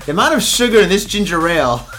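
A man's voice: high voice, very animated, fast, fairly bright tone. A tipsy man from the USA hosting a drinking podcast in a studio in Japan, talking casually, swearing often and laughing a lot. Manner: profane, laughing, rambling. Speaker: podcast host.

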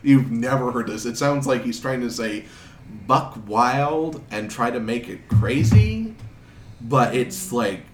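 A man narrating a tabletop game as game master, unhurried and amused. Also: medium pitch, animated, recorded from a distance. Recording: roomy, noisy.

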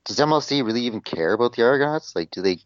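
A man co-hosting a sports podcast, talking in a measured way that hedges with fillers, over dry lo-fi audio. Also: medium pitch, expressive, dry recording. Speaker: podcast co-host. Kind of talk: casual sports chat.

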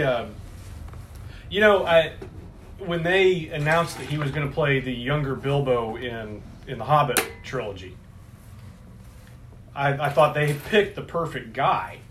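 A man co-hosting a casual podcast, a little tipsy, talking haltingly with restarts, recorded on a phone. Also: mid-range voice, fairly bright tone, a little hiss or hum. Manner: halting, many restarts and fillers. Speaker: podcast co-host. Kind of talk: casual chat.

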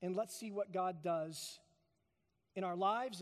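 High-voiced man preaching in a hall. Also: slow, pauses often. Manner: emphatic, building to loud peaks then dropping soft. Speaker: pastor. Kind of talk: sermon. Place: church sanctuary.

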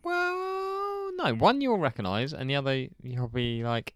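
A man's voice: on the high side, expressive, a little slow, a bit bright, dry recording, clean studio sound. A man co-hosting a podcast, chatty and laughing often, with mock exasperation at his co-host. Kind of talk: casual banter.

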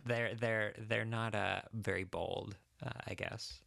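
Deep, gravelly man musing aloud. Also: steady tone, slow pace, a bit bright. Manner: thoughtful, hesitant, many fillers. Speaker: podcast co-host. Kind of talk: casual chat.

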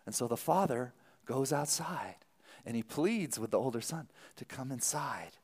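A man preaching a sermon as a pastor, telling the story in an animated, lively way with quick asides. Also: medium pitch, slightly rough, long reverb tail.

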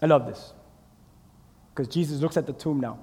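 A male pastor preaching a sermon with animated storytelling, putting questions to the congregation. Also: on the high side, normal speed, slightly rough, long reverb tail.

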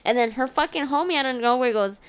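Young woman with a fairly high voice. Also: fast talker, clear, resonant tone. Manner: rambling anecdotes, heavy slang and swearing, repeated "I was like". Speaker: storyteller among friends. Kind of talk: casual chat.

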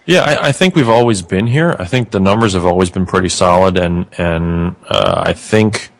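A man's voice: deep voice, moderate pace, gravelly. A man who hosts a podcast, talking casually and thoughtfully as a guest, often restarting his phrases while he works out an answer. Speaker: podcast host being interviewed. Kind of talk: casual conversation.

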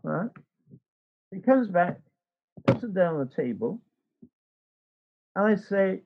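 Man, author, high husky voice, rambling anecdote, dull lo-fi recording. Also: big pitch swings, slow, pauses often, noisy background. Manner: rambling, acts out quoted dialogue. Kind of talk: anecdotal storytelling.

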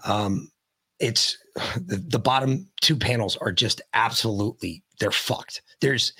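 A man, a podcast guest, telling a story in casual chat, blunt and profane, rambling and animated as he talks. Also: medium pitch, unhurried, husky.

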